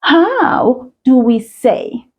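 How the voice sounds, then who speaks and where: A woman teaching a children's language lesson, encouraging and sing-song, speaking slowly and clearly. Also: high-pitched, very animated. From South Africa.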